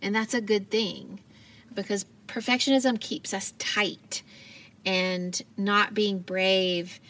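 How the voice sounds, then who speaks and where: Earnest, gentle woman host in her thirties, reflective solo episode, voice a touch off-mic. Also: mid-range voice, fairly even intonation, slow, recorded from a distance. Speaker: podcast host. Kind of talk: reflective solo podcast talk.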